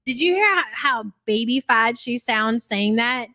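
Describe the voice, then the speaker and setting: A woman's voice: a little high, lively intonation, unhurried, sharp tone. Blunt, foul-mouthed woman live-streaming. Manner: blunt, swears freely. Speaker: livestream host. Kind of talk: live reaction commentary.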